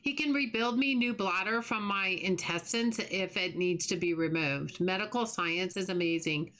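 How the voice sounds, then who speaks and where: A woman's voice: medium pitch, moderate pace. A middle-aged woman hosting a livestream, chatting casually and sympathetically with her chat while she plays. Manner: warm, sympathetic, chatty with restarts. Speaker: livestream host.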